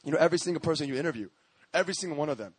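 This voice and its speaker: A male pastor preaching a sermon, telling stories in a lively, slangy way and often laughing as he talks. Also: a little high, racing, breathy edge, no echo. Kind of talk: sermon with storytelling.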